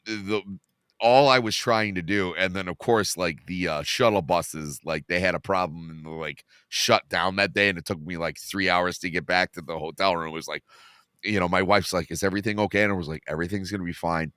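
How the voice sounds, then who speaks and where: A young man talks on a casual podcast in a deep voice with a bright, forward edge. He stumbles and restarts often, filling the gaps with fillers. The sound is dry and close. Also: steady tone, smooth, no echo. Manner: halting, many restarts and fillers. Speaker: podcast co-host. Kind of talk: casual chat.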